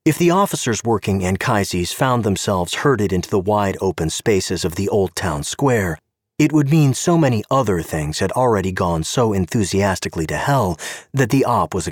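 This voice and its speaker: Husky, low male story narrator. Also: no room sound, clean studio sound. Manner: wry, expressive storytelling. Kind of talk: scripted audiobook narration.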